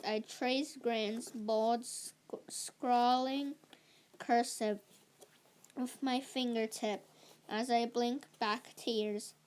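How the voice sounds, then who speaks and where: A woman reading a first-person novel aloud in a slow, halting delivery with small slips. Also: a little high, smooth. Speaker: reader.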